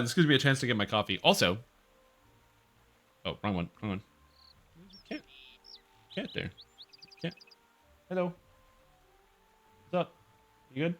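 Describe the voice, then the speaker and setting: A man's voice: mid-range voice, sing-song, a little slow, long pauses, sharp tone. A man streaming a game and chatting casually with his viewers, rambling and chuckling now and then. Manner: rambling, chuckles often, talks to his cat. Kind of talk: casual live-stream chat.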